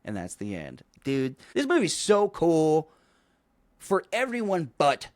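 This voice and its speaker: Animated swearing man recapping a movie. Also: fairly high pitch, slow pace, no echo, studio quality. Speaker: podcast co-host. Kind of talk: casual movie recap chat.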